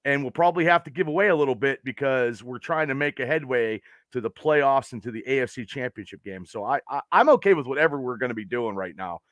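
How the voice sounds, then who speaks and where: A man's voice: medium pitch, animated, fast talker, hardly any pauses, a bit bright, no room sound. A man as a podcast guest, talking in easygoing, upbeat casual chat.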